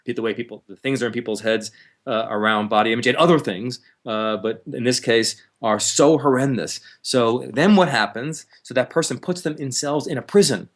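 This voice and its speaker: A male counselor, appearing as an interview guest, explains things conversationally with lively energy, laughing now and then and acting out harsh inner voices. He has a mid-range voice and speaks at normal speed.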